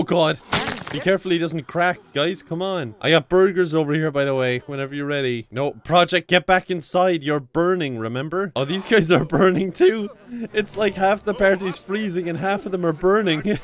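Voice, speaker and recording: A man's voice: fairly high pitch, slight background noise. A young man with an Irish accent giving playful, sarcastic commentary over a life-sim game, laughing often and breaking into sudden yelps. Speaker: gaming YouTuber. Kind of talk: gameplay commentary.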